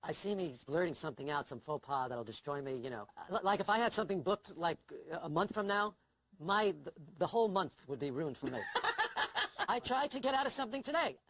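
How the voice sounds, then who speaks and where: A man's voice: sits high, animated, a little fast, a bit bright, rough recording. An older man in a casual interview, telling wry, self-deprecating, anxious stories. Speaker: interview guest, comedy writer. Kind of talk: casual conversation.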